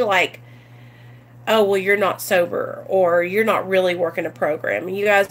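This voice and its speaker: A woman's voice: medium pitch, bright, forceful tone. A woman talking casually to her viewers on a livestream, earnest and rambling with plenty of ums and you-knows. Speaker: recovery vlogger.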